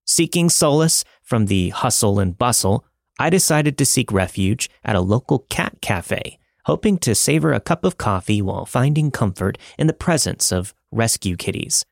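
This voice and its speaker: A man narrating a listener's scary story in a dramatic, measured way, recorded close to a studio mic. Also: mid-range voice, expressive, creaky, dry recording. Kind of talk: scripted narration of listener stories.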